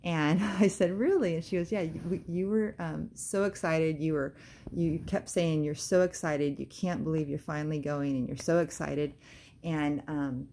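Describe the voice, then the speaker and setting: A woman's voice: deep voice, steady tone, normal speed, warm tone, slight background noise. A woman telling a devotional story to camera in a casual, hesitant way, with many fillers and bursts of praise. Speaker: Christian vlogger.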